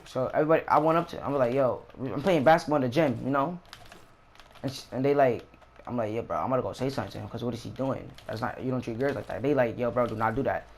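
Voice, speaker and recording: A man's voice: medium pitch, fast talker, slight background noise. Slangy young man telling a story. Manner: slangy, animated retelling with profanity. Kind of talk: casual storytime.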